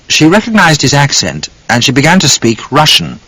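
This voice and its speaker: A man narrating an audiobook in an expressive, dramatic reading. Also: medium pitch, normal speed, few pauses, slightly rough, no room sound, rough recording.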